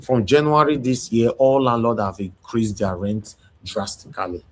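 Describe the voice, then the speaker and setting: Husky Nigerian male host, angry and emphatic, mid pitch. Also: expressive, moderate pace. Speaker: show host. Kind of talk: heated group discussion.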